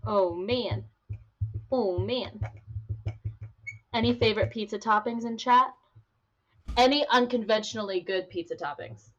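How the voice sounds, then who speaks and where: A woman's voice: mid-range voice, measured pace, pauses often. A woman chats on a live stream in an easygoing way and throws questions out to the viewers. Her audio comes through dull and slightly muffled. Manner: chatty, asks chat questions. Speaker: voice actor signing on stream. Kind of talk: casual stream chat.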